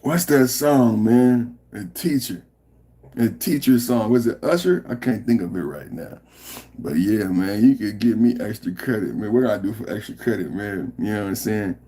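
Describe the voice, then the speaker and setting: A man hosting a casual podcast livestream, reading the chat aloud, joking and rambling and laughing often, sometimes muttering low and sometimes getting loud. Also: moderate pace, slightly rough.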